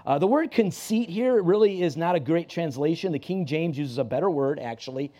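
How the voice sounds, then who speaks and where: A man preaching at a church service with a mellow, rather high voice. He talks to the congregation plainly and conversationally, restarting his sentences and repeating key lines for emphasis. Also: lively intonation, brisk. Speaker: pastor. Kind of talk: sermon.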